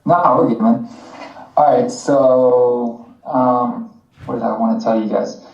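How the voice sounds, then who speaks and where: A man from the United States co-hosting a podcast. He explains in a relaxed, chatty way with plenty of fillers, at a mid pitch. The recording is a little dull and roomy. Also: slow. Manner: relaxed, conversational teaching with fillers. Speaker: podcast co-host. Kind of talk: casual explanatory chat.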